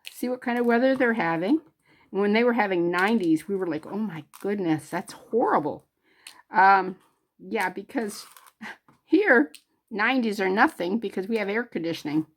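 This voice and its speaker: Middle-aged woman chatting away while she takes apart jewelry, lots of ums, easygoing mid pitch. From northern New York. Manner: rambling and homey, many fillers. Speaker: jewelry crafting channel host. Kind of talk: chatty crafting vlog.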